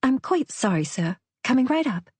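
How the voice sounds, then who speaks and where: A woman's voice: high voice, sing-song, moderate pace, breathy edge, dry recording, soft background music, voice pushed up, full character voice. A woman voicing a young waitress who puts on a fake English accent, speaking primly and politely in an audiobook. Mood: flustered, prim. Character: young woman waitress, flustered but determined.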